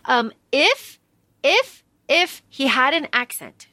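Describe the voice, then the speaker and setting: A woman co-hosts a podcast, chatting casually and dramatically about a book she's reviewing. She's animated and quick to vent strong dislike. Her voice is high-pitched, in a dry recording.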